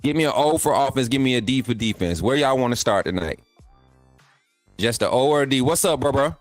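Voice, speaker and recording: A middle-aged man talks loose and chatty, repeating himself and hyping up his viewers as he hosts a live sports stream. His voice sits at an ordinary, mid-range pitch. It is recorded dry on a close desk mic, with faint music playing underneath. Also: lively intonation, a little fast, no room sound. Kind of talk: casual live-stream chat.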